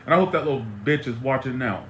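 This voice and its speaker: Speaking quickly at a medium pitch, this man has a slightly bright voice over light background noise. To his live stream viewers he delivers a furious, foul-mouthed monologue that keeps circling back on itself, recorded with roomy echo and faint ambience.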